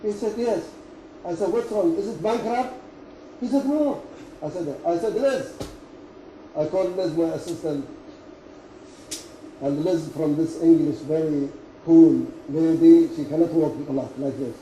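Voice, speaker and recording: An older Emirati man, Arabic-speaking at heart, tells business stories in halting, chuckling English. His voice is very dark and mellow, picked up from a distance in an echoey room with faint background noise. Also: a little high. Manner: halting, chuckling storyteller in non-native English. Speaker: company chairman. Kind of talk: anecdote-telling at a business talk. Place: meeting room at company headquarters. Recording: roomy, from far off, faint noise.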